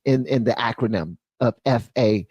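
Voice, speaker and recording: A man's voice: medium pitch, moderate pace, a little mellow, slightly rough, dry recording, lo-fi sound. A man hosting a live-stream commentary, reading quotes aloud and riffing on them in loose slang. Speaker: commentary channel host.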